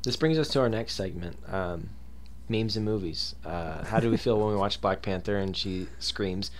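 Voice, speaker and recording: A young man co-hosting a casual podcast, leading segments with playful deadpan jokes. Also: fairly low pitch, moderate pace, slight background noise. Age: young adult. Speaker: podcast co-host. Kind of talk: casual chat.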